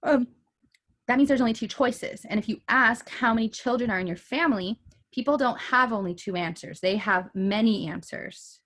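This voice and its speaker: Woman teacher talking thru a math lesson at home, relaxed, lots of ums. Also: a little high, normal speed. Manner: casual, thinks aloud, many ums. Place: her bedroom at home.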